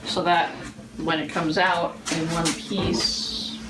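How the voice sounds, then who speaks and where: A woman's voice: fairly low pitch, little pitch movement, slow pace, far from the mic. A woman chatting casually while cooking in a home kitchen, talking to her dogs. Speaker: vlogger. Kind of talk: casual chat. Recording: echoey, off-mic, noisy kitchen.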